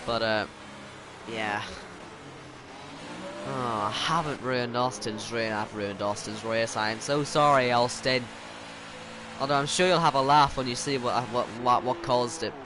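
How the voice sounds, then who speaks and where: A little slow and prone to long pauses, a man with a mid-range voice commentates live on his online racing game. Exasperated, he mocks himself as things go wrong around him while racing car engine noise plays from the game.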